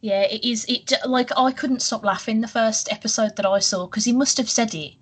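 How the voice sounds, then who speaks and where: Cheeky woman, husky laughing voice. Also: a little high, a little fast. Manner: laughing, cheeky, swears freely. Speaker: podcast co-host. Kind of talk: casual chat.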